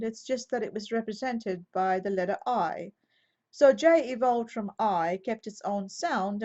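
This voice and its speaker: A woman Bible teacher giving an explanatory teaching talk, methodical and measured, now and then correcting herself mid-sentence, on a slightly dull lo-fi recording. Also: mid-range voice, darkish tone.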